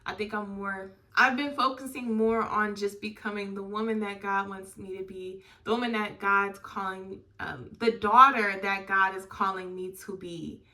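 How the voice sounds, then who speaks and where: A woman's voice: fairly even intonation, normal speed, few pauses. A young woman hosting a podcast, talking earnestly and candidly about her faith, with lots of likes and you knows. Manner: earnest and heartfelt, drifting from bursts to soft low lines. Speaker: podcast host. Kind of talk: candid faith-based personal talk.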